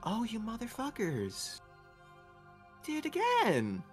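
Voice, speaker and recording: A man's voice: extremely high pitch, wildly swooping pitch, slow, soft background music, pitched above the performer's own voice, exaggerated voice. A man voicing a sleepy, cranky woman warrior who is also a parasite from another world, swearing in exasperation. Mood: exasperated.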